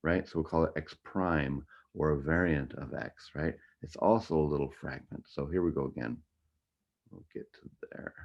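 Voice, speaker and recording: A man's voice: rumbling low, moderate pace, creaky. A man teaching a music theory lesson in a casual way, humming tunes to show his point. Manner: casual, hums and scats the melodies. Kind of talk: recorded online lecture. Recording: dull lo-fi audio.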